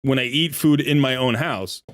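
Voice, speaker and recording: A man's voice: mid-range voice, normal speed, fairly bright tone, dry recording, studio quality. Rambling man chatting on a live stream. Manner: rambling, self-deprecating, laughs often. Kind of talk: casual live-stream chat. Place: home office desk. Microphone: desk microphone.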